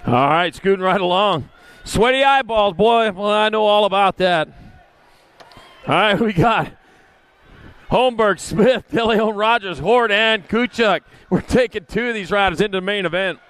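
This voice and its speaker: A man's voice: high voice, measured pace, fairly bright tone, smooth. A man calling a kids' bike race live, folksy and chatty, with rambling asides. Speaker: race announcer. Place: outdoor race track.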